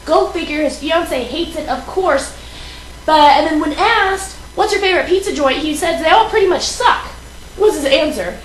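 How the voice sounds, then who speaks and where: A woman's voice: high voice, expressive, normal speed, reverberant, a little hiss or hum, poor audio. Brash teasing woman hosting live. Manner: brash, teasing, playing tough. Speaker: morning show host. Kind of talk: casual live-show banter. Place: hotel studio.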